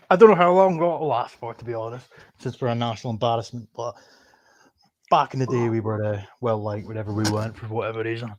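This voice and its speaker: Scottish man, casual stream guest, salty storyteller, mid-pitched voice. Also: a little fast. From Scotland. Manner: swears freely, laughs while telling stories. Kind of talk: casual chat.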